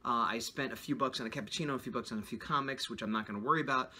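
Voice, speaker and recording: A man's voice: mid-range voice, racing, pushed and bright, slightly rough. A man chatting casually and offhandedly while vlogging on the scene at an outdoor convention. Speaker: artist and convention vendor. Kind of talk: on-the-scene vlog.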